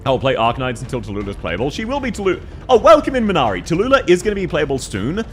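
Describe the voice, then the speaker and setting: A man's voice: medium pitch, sing-song, fast talker, faint music behind. A young man streaming a game, chatting casually with viewers, joking and swearing as he plays. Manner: joking, swearing, reacting to chat. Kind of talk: casual livestream chat while playing.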